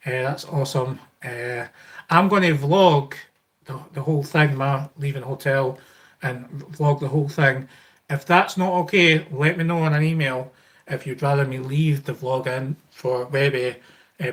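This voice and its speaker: A middle-aged Scottish man hosting a live Q&A stream, talking in a rambling way with many fillers and restarts as he thanks viewers. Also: medium pitch. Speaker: YouTube channel host.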